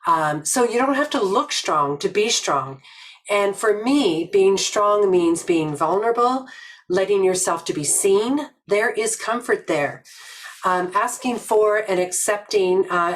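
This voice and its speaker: An older woman from Nova Scotia giving a reflective webinar talk, telling stories slowly and earnestly with many pauses. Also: medium pitch, lively intonation, poor audio. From Nova Scotia, Canada. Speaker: webinar presenter.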